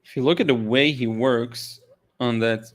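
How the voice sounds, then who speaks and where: A man's voice: mid-range voice, moderate pace. A man hosting a live art Q&A, chatting casually and enthusiastically about paintings, a little tired and full of restarts. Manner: enthusiastic, rambling with restarts and fillers. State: tired, yawning. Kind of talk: casual livestream chat.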